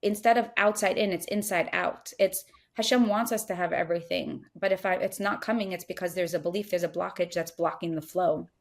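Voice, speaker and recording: A woman's voice: on the low side, fairly even intonation, brisk, gravelly, hardly any pauses. Earnest woman giving spiritual coaching talk. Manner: earnest, acts out inner voices in quotes. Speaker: guest speaker.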